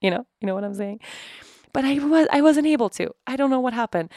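Woman, podcast host, rapid casual storytelling, gravelly fry, dry close sound. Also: on the high side, expressive, darkish tone, dry recording. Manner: chatty, heavy with "like" and "you know", acts out her own thoughts.

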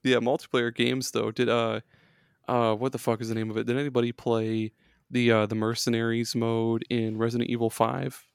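A man with a gravelly, creaky voice, recorded dry and close. He chats loosely and excitably about old games, swearing freely. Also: mid-range voice, moderate pace, no room sound. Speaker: podcast co-host or guest. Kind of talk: casual chat.

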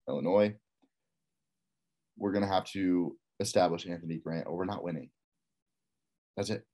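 Casting: man with a faint Texas accent, very deep voice, casual rambling sports talk. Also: a little mellow. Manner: rambling, repeats himself, frank opinions.

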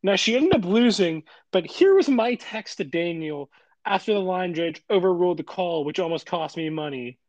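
A man's voice: high voice, animated, moderate pace, darkish tone, no echo, muffled recording. Heated young man ranting on a podcast. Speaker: podcast co-host. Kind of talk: casual podcast chat.

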